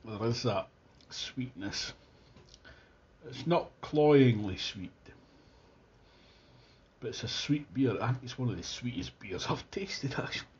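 A man's voice: mid-range voice, expressive, slow, pauses often, a little mellow, highs cut off, slight background noise. A man with a Scottish accent giving a casual, enthusiastic beer tasting review, thinking aloud as he goes. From Scotland.

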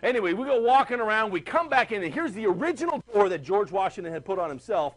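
A man teaching a history class, chatty and animated, asking the class questions. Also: sits high, quick pace. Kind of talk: classroom lecture.

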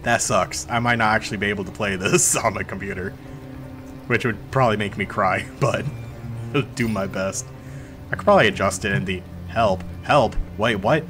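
Young guy streaming a game, hypes up and yells and swears a lot, faint game music under him. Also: lowish voice, moderate pace. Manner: excitable, yelling, swearing, talking to characters. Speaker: gaming streamer. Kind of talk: live gameplay commentary.

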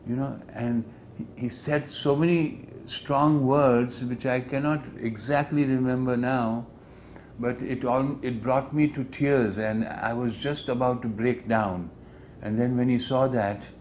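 A man's voice: medium pitch, fairly even intonation, a little slow, darkish tone, a little hiss or hum. An older man earnestly recounting a personal memory, sometimes acting out what others said with rising intensity. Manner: earnest, acts out quoted speech with rising intensity. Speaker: devotee sharing memories. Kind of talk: reflective storytelling.

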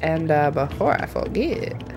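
A woman's voice: low voice, big pitch swings, a little slow, gravelly, music in the background. Giggly woman doing game commentary. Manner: giggly, chatty. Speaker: gaming channel host. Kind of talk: casual let's-play commentary.

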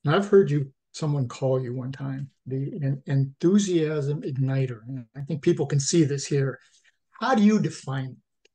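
Podcast host guy asking questions, kinda halting, middle pitch. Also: mellow. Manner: halting, restarts phrases. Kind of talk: interview questions.

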